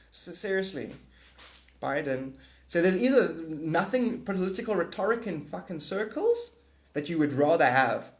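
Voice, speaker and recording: A man ranting casually on a livestream, rambling and profane, swinging from mutters to excited outbursts. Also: fairly high pitch. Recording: echoey room.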